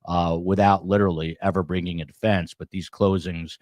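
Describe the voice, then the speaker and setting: A man's voice: low voice, flat delivery, fairly quick, a little mellow, no room sound. A man hosting a true crime show, giving commentary as he reads out quotes and adds his own asides. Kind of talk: commentary on a court case.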